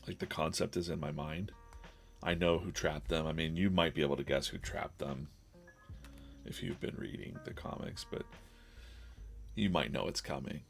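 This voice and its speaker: Low gravelly guy rambling on a drawing stream, laughs a lot, bit of music behind. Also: fairly even intonation, moderate pace, pauses often. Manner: rambling, laughs often, quotes characters in silly voices. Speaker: comic artist streaming a drawing session. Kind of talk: casual live-stream chat.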